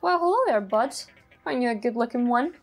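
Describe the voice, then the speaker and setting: Brief: woman doing a warm-hearted chatty bus man from a cozy game, high voice. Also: animated, fast, soft background music. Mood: friendly. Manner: friendly, chatty. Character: friendly chatty male bus depot keeper.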